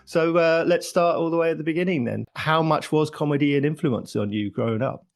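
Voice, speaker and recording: A man's voice: fairly high pitch, brisk, gravelly, faint music behind. A man hosting a comedy podcast, reading a pun-filled intro and asking questions, laughing often. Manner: wordplay-heavy, laughs often. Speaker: podcast host. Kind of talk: scripted podcast intro, then interview questions.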